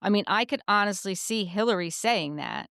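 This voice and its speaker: A woman's voice: medium pitch, normal speed, vocal fry, clean tone, no room sound, studio quality. A woman co-hosting a podcast, recapping episodes in casual chat and acting out what people said. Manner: animated storyteller, acts out quotes. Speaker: podcast co-host.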